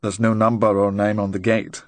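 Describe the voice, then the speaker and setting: A man's voice: lowish voice, level tone, moderate pace, no echo, lightly acted. A man voicing an impatient, guarded young agent in his twenties, who answers curtly. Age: 20s.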